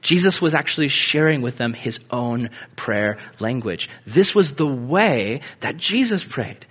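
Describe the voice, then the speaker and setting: A man preaching a sermon in a conversational, animated way, acting out quoted lines with big swings in pitch and loudness. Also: a little slow, breathy edge. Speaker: pastor.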